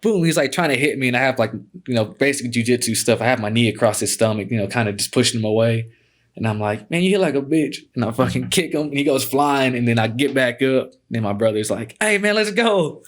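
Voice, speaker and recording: A young man in his twenties talks loosely through a story, relaxed and profane, with a middle-pitched voice. He fills his sentences with "man" and restarts them as the story rolls on. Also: fast. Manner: laid-back, profane, says "man" a lot. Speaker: podcast guest, fighter. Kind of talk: casual storytelling.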